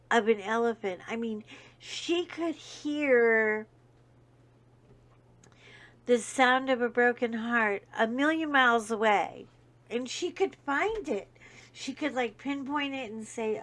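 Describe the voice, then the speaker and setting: A woman's voice: a little high, takes it slowly. A woman hosting a chat video, telling a heartfelt personal story in a rambling way with many fillers. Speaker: host. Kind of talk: casual storytelling.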